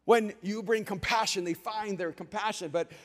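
Male pastor, high voice, animated storyteller, sermon in a big reverberant hall. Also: normal speed. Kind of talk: sermon with personal stories. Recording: long reverb of a large hall.

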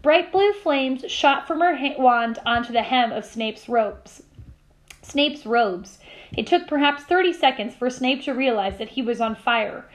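A woman teacher reading a novel aloud to her class, with steady storytelling and small slips she corrects. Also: high voice, a little slow, low-quality recording.

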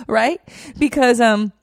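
A young woman telling a personal story in a chatty, animated way, full of fillers. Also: on the high side, gravelly, no room sound, clean studio sound. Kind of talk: casual storytelling.

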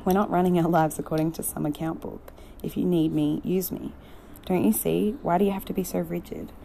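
Woman reading as a gentle, reassuring young man. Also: lowish voice, a little fast, gravelly, a little hiss or hum. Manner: calm, coaxing.

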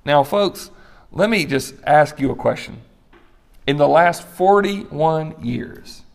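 A man's voice: medium pitch, gravelly. A middle-aged man preaching a sermon as a pastor, conversational, with asides and light laughs.

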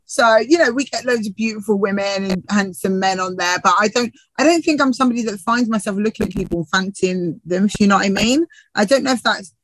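A woman's voice: medium pitch, brisk, no room sound, poor audio. A woman TV presenter and actor from the UK, chatting in an interview with frequent laughs and restarts. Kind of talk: casual interview chat.

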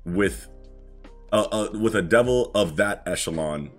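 Casting: deep-voiced young man, laid-back podcast co-host, casual and profane, faint music under. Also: measured pace. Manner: laid-back, swears freely, lots of fillers and laughs. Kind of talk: casual chat about manga.

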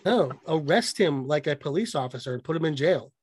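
A man co-hosting a podcast in casual chat, excited and profane, mocking what he talks about. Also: a little high, slight background noise. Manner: excited, profane, mocking, quick bursts of mimicry. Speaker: podcast co-host.

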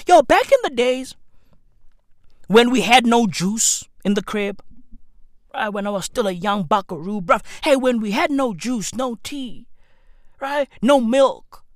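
A man hosting a comedy podcast, ranting in a profane, excitable way with incredulous outbursts. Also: extremely high pitch, slow pace, long pauses, dry recording, studio quality. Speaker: podcast host. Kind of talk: comedic rant.

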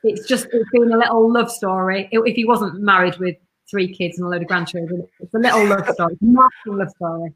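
A talkative businesswoman with a bright, forceful tone, full of blunt enthusiasm. She tells stories from her work in an easy, casual interview manner. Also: mid-range voice, brisk, hardly any pauses. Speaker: marketing business owner, podcast guest.

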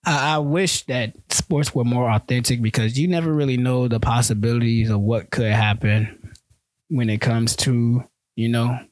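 A man's voice: mid-range voice, dry recording. A man hosting a casual solo sports podcast, talking loosely in slang and often restarting his words.

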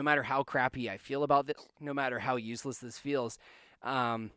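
A man's voice: medium pitch, steady tone, moderate pace, pushed and bright, smooth, no room sound. A man hosting his own podcast from a basement studio, talking earnestly and rambling with restarts while he hiccups and coughs. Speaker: podcast host. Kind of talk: casual solo podcast monologue.

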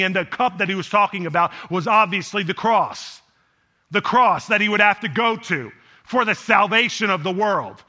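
High, bright-voiced preaching man. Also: moderate pace. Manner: conversational preaching, frequent rhetorical questions to the congregation. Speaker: pastor. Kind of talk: sermon.

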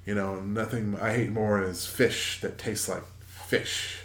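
A man in his forties with a fairly low voice rambles through a casual story, stopping and restarting often. He is recorded in an echoey room. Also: little pitch movement, fairly bright tone. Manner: rambling, halting, many fillers and restarts. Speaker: podcast co-host.

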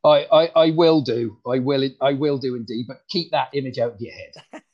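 A man voicing a bumbling rural farmer comedian with a rural English accent, talking in a halting, stammering, folksy way. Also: mid-range voice, darkish tone, lightly acted. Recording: dull lo-fi sound.

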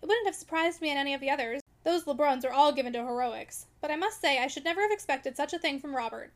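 A woman's voice: sits high, expressive, fast. A woman voicing a fussing, motherly married friend in an audiobook reading, coaxing and chiding.

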